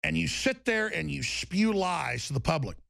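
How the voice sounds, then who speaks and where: A man's voice: a little high, very animated, moderate pace, gravelly, sharp tone, no room sound, studio quality. A man delivering an angry political rant, heated and emphatic, with mocking asides. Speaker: political commentator.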